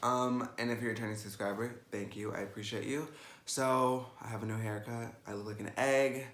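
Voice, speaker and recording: A man's voice: mid-range voice, fairly even intonation, brisk, background noise. An eighteen-year-old man telling a personal story in a casual vlog, chatty and sassy, with lots of "like". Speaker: makeup vlogger. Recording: roomy echo.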